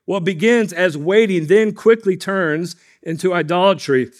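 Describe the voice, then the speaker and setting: A pastor delivers a sermon in a slightly high male voice. He talks to his congregation conversationally, leaning on stories and asides. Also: measured pace. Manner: storytelling, conversational, addresses congregation.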